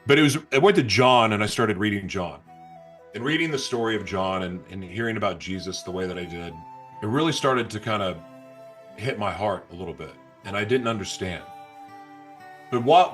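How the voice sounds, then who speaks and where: A man telling his personal story as an interview guest, halting and restarting, sometimes reliving his past outbursts. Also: lowish voice, a bit bright. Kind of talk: emotional personal testimony.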